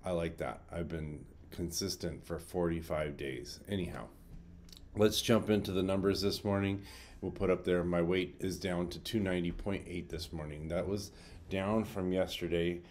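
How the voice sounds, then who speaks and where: A man's voice: deep voice, steady tone, moderate pace, darkish tone. A man recording his own daily vlog, talking casually in a rambling, upbeat way and often correcting himself. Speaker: daily vlogger. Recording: faint outdoor traffic hum.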